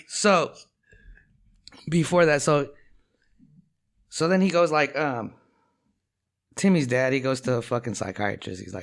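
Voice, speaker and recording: A man's voice: mid-range voice, measured pace, creaky, long pauses. A man telling a long profane joke in casual chat, rambling and full of fillers. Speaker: rapper.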